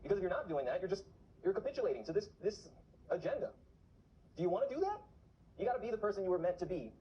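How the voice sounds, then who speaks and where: A man's voice: sits high, big pitch swings, fast talker, dull audio, a little hiss or hum. A man talking to camera in a casual vlog, urgently exhorting his viewers. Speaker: vlogger on remote viewing.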